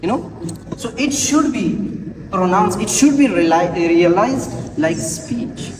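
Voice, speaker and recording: Guy w doing a class presentation, higher voice, repeats stuff, far off in a noisy echoey room. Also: lively intonation. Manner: repeats words and examples slowly, halting. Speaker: student presenter.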